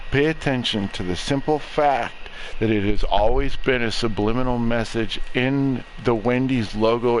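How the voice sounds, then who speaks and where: A young adult man streaming a game, rambling through a profane, deadpan conspiracy rant. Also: medium pitch, a little hiss or hum, rough recording. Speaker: gaming streamer. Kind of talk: casual chat while streaming a game.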